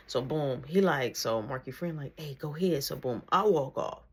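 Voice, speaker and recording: Young man telling a lively slangy story. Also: mid-range voice, a little fast, husky. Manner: animated, slangy retelling. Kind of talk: casual storytelling.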